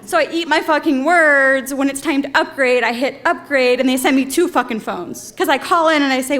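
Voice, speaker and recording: A woman's voice: high voice, fairly quick, few pauses, a bit bright. A woman telling a comic, exasperated story on stage at a live storytelling event, swearing freely. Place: theater stage with audience.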